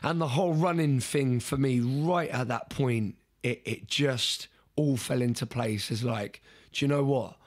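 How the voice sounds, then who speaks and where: A man's voice: medium pitch, a little slow, hardly any pauses. A young man, a podcast guest, telling an earnest story in conversation, often restarting and repeating words.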